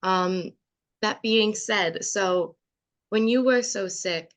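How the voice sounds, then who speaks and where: A woman hosting a podcast interview, earnest and halting as she thinks aloud. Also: medium pitch. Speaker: podcast host. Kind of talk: casual interview chat.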